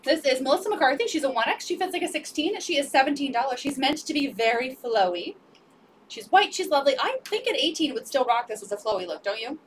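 A woman's voice: sits high, very animated, fast talker, recorded from a distance, slight background noise. A woman selling secondhand clothes on a live stream, upbeat and repeating sizes, prices and item numbers. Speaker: resale live-stream seller. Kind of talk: live sales pitch.

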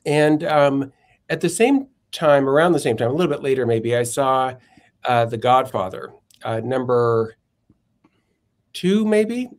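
A man's voice: medium pitch, animated, unhurried. A male philosopher and author, a guest on a podcast, telling stories thoughtfully and sometimes searching for words. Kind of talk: podcast interview, storytelling.

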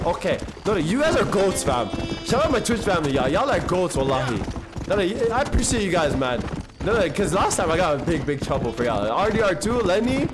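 A man live-streaming a video game, reacting loudly and chatting with his viewers in slangy, excitable bursts. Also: on the high side. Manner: excitable, loud outbursts, slangy, talks to chat. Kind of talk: casual live-stream commentary.

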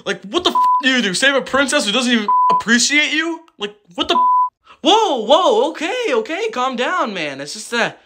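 A man's voice: extremely high pitch, sing-song, moderate pace, very noisy. A man voicing a bratty young boy who curses and mocks. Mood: mocking. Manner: cursing, mocking. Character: young male bratty foul-mouthed prince.

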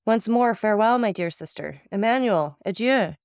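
A woman's voice: medium pitch, animated, moderate pace, darkish tone, clear, resonant tone, no room sound, clean studio sound, voice pushed up, close to an everyday voice. A woman reading the lines of a grieving young soldier in an audiobook, tranquil and mournful.

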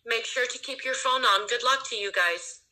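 High, very bright woman interviewer. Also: low-quality recording. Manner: brisk, upbeat, calls the child "honey". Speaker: casting interviewer. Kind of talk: video call audition interview.

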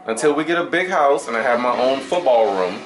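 A man's voice: medium pitch, expressive, brisk. A man, a father in a family vlog, talking casually at home and arguing back lightly while a football game plays. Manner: argues back lightly, talks to the baby and at the TV. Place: living room at home. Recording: roomy room with TV sound behind. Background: TV with football game playing.

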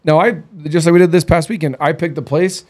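A man's voice: a little high, fairly even intonation, fairly quick, darkish tone, breathy edge. A man in his thirties hosting, telling blunt, candid stories in a casual chat. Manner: blunt, candid storytelling with quoted dialogue. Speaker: podcast host.

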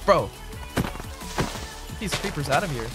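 A man's voice: fairly high pitch, takes it slowly. A man streaming a game, chatting casually and answering his viewers as he plays, often calling them "bro". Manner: relaxed, answers chat aloud, says "bro" a lot. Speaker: streamer and server owner. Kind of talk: casual livestream chatter while gaming. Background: background music.

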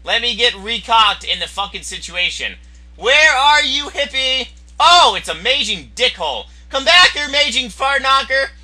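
High, bright, excitable young man gamer. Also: normal speed. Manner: excitable, crude, yelling at opponents. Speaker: gameplay commentator. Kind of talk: profane live gameplay commentary.

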